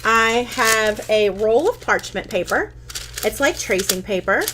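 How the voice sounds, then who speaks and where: A woman's voice: a little high, expressive, a little slow, background noise. Chatty woman hosting a craft live stream. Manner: chatty, with frequent ums and restarts. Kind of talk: casual live-stream craft tutorial, answering viewer comments.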